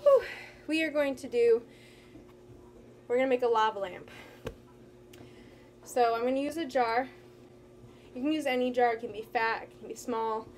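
A woman teaching young children at home, walking them through a movement game and a science activity in a gentle, encouraging way that sometimes loses its place. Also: fairly high pitch, normal speed, pauses often. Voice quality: gentle, encouraging, occasionally losing her place. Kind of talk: children's lesson, talking to camera. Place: home with a carpet.

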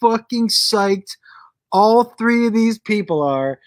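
A middle-aged man hosting a casual live show while high, talking in a loose, giggly, rambling way. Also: lively intonation, slow, no room sound. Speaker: host.

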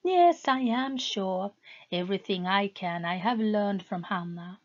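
A woman's voice: mid-range voice, a little slow, highs cut off, close to an everyday voice. A woman voicing Sol, an earnest young woman with a flair for the dramatic, in a storybook reading. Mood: eager. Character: young woman, witch's daughter, dramatic and eager.

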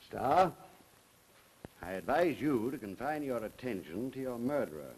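An actor playing a dismissive police commissioner with a brusque manner, in a 1930s film. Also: male voice, mid-range voice, very animated, unhurried, slight background noise, low-quality recording. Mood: stern.

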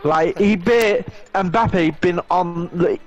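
Brief: young guy, blunt sweary gamer rant, slightly high voice. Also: slow, dull audio. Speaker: gaming vlogger. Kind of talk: casual chat while playing a video game.

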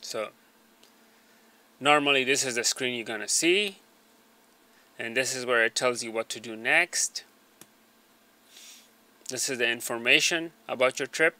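A man's voice: medium pitch, unhurried, long pauses, pushed and bright. A man narrating a step-by-step device tutorial, hesitant and full of fillers as he explains each setting. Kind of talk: screen tutorial voice-over. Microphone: small desk microphone.

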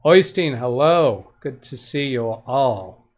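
A man's voice: mid-range voice, expressive, slow, darkish tone. A man hosting a live tech help stream. He reads viewer comments aloud in a rambling way, corrects himself often, and gives plain practical advice. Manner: rambling, with frequent self-corrections and restarts.

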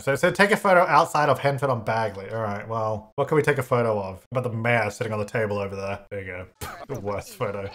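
A man hosts a casual gameplay video. His pitch swings widely as he chats, and he reacts out loud to glitches and talks back to the characters on screen. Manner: chatty, exclaims at glitches, talks to game characters. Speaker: gaming channel host. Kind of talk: casual let's-play commentary.

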